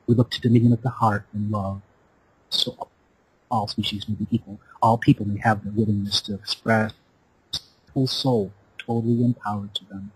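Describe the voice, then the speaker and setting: A man's voice: on the low side, little pitch movement, moderate pace, breathy edge, low-quality recording. A man hosting a show over a call, giving an impassioned spiritual monologue in a repetitive, incantatory preaching cadence. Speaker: radio show host. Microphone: Skype call.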